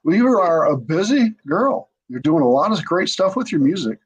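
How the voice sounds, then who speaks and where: A man's voice: on the high side, sing-song, normal speed, husky. A man hosting a podcast interview with enthusiastic, hyped promotional delivery, talking over a video call. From Michigan. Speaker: podcast host.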